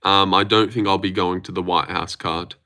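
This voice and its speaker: A man's voice: low-pitched, steady tone, moderate pace, pushed and bright. A young man hosting a casual livestream, teasing his chat with self-mocking banter. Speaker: livestream host.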